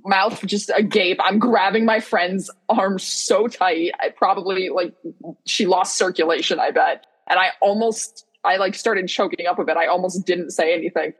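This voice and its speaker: A young woman tells her story with lively excitement, her voice a touch low and husky. She talks casually with a co-host, racing through the exciting parts. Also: moderate pace, low-quality recording. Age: young adult. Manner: excitable storyteller, animated retelling. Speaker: podcast co-host. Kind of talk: casual chat.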